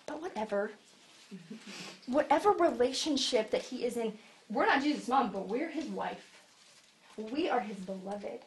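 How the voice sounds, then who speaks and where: A woman delivers a sermon with a slightly high voice. She tells Bible stories in a lively way and acts out the scenes as she goes. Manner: animated storytelling, acting out Bible scenes. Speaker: preacher.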